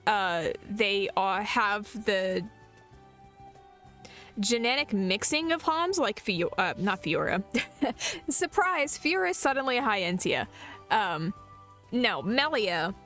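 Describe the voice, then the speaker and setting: A woman's voice: mid-range voice, animated, slow pace, fairly bright tone, faint music behind. A young adult woman streaming a game, chatting casually with playful, jokey asides and frequent laughs. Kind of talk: casual gameplay commentary.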